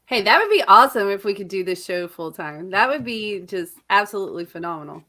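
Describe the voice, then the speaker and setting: A woman co-hosting a podcast in casual chat, enthusiastic and quick to giggle. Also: medium pitch, lively intonation, sharp tone. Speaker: podcast co-host.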